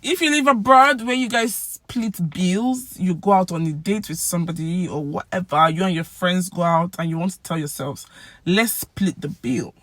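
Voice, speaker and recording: A woman with a Nigerian accent giving a casual language lesson, acting out example phrases with lively swings in pitch and loudness. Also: moderate pace, no echo. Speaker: language teacher.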